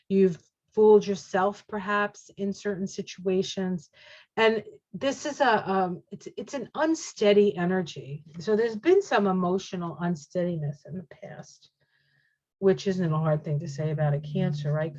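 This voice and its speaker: A woman giving a casual tarot reading, chatty and excitable, reacting aloud to each card as she turns it. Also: medium pitch. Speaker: tarot reader. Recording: dull lo-fi sound.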